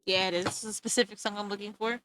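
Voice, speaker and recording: A woman livestreaming while she draws, chatting in an animated, joking, self-mocking way and laughing easily. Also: mid-range voice, racing, slight background noise, low-quality recording. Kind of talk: casual stream chat while drawing.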